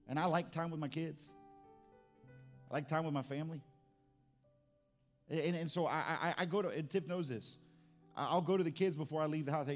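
A man's voice: a little high, darkish tone. A middle-aged pastor preaching a sermon in a conversational way, often restarting his sentences.

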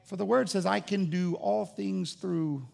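A pastor with a high, gravelly voice delivers a fervent sermon at an unhurried pace. He alternates between loud, ringing calls and quiet, hushed asides, staying lively and full of conviction throughout.

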